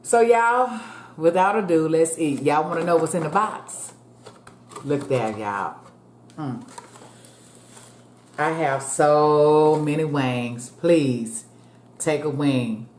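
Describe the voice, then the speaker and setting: Food vlogger, woman in her fifties, deep unhurried voice, talks straight to the viewers in an echoey room. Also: a little mellow. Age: 50s. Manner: chatty, calls the viewers "y'all", prays aloud. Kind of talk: casual eating chat to viewers.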